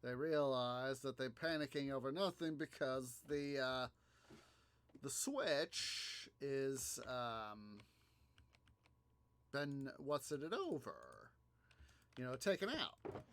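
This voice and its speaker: A man hosting a gaming video, telling a story in a halting, rambling way, full of fillers and restarts as he plays. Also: mid-range voice, expressive, a bit bright, smooth. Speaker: gaming channel host. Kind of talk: casual gameplay commentary.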